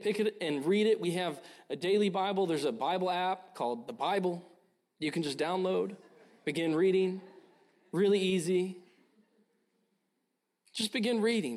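A man's voice: high-pitched, a little mellow. A young man preaching a sermon, earnest and urging, often repeating his phrases. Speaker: pastor.

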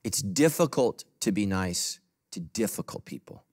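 A man preaching a sermon as pastor to a congregation in a church. He talks emphatically, swinging between loud, punchy lines and soft, low asides. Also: lively intonation, a little slow, breathy edge.

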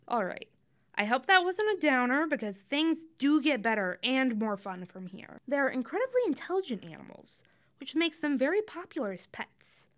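Lively chatty young woman podcaster. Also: sits high, moderate pace. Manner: chatty, tangent-prone, wry asides. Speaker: podcast host. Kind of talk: casual scripted podcast monologue.

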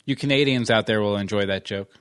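A man co-hosting a casual rewatch commentary, joking with deadpan fake trivia. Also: lowish voice, quick pace, clear, resonant tone. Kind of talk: casual chat watching a show.

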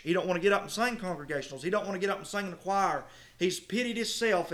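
A middle-aged man preaching a sermon, swinging from loud emphatic phrases to low murmurs and reading scripture slowly. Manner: reads scripture in King James wording with slow stressed phrases.

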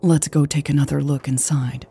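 A woman voicing a cautious, worried young woman who speaks quietly in an audiobook. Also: deep voice, flat delivery, moderate pace, creaky, breathy edge, full character voice. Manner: quiet, hushed.

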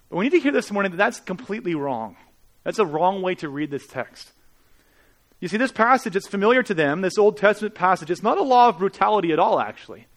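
A man preaching a sermon in an earnest, conversational way, with rhetorical questions to the congregation. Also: fairly high pitch. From Canada. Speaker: pastor.

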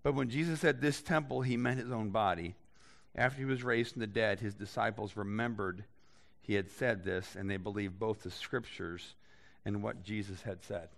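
A man preaching a sermon in a conversational way, reading scripture aloud and adding lively asides to his listeners. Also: on the low side, normal speed, gravelly. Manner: conversational, animated Bible reading with voiced asides. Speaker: pastor.

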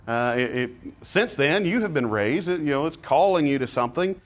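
A man's voice: on the high side, brisk. A man teaching a Bible study class, explaining passages casually and reading scripture aloud with feeling. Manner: conversational, dramatizes scripture readings with rising intensity; frequent fillers and restarts, relaxed explaining. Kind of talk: classroom lesson.

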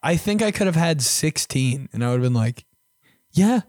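A young man hosts a podcast and tells crude, self-mocking stories in a loose, chatty way. His voice sits in a middle pitch and often swings between loud and hushed. The sound is dry and close, with no room echo. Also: lively intonation, a little fast. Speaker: podcast host. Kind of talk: casual storytelling.

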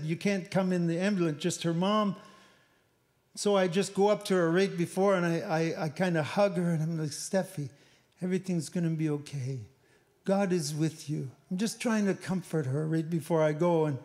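A middle-aged man giving an emotional personal testimony, halting and repeating words as he searches for them. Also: high-pitched, darkish tone. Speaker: missionary speaker.

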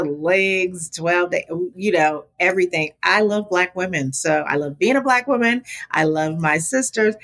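A middle-aged woman, a podcast guest, telling a personal story in casual chat, animated, her voice jumping high when she quotes her own reactions. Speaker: podcast guest, small business advocate.

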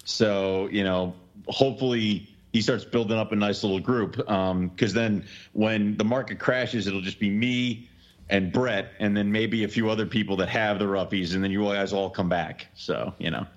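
A man's voice: lowish voice, fairly even intonation, normal speed, dull audio. A man co-hosting a podcast, chatting casually in a rambling, self-deprecating way with frequent laughs. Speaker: podcast co-host. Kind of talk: casual chat.

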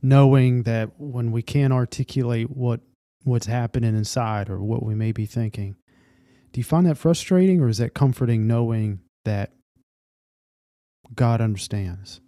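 A man hosting an interview, asking gentle, reflective questions. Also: mid-range voice, moderate pace, no echo, studio quality. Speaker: host.

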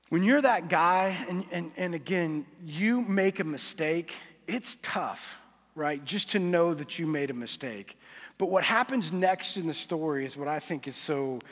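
A male pastor preaching a sermon in a church hall, conversational and confessional, often asking his listeners questions. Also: fairly high pitch. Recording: reverberant hall.

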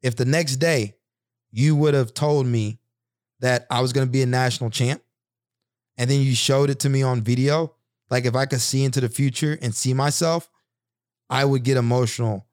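A man in his thirties speaks as a podcast host, working through personal stories in a reflective, earnest monologue. He often restarts his sentences, and his voice sits at a middle pitch. The recording is dry, with no room sound. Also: fairly even intonation, normal speed, a little mellow, dry recording. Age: 30s. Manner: earnest storytelling with frequent restarts.

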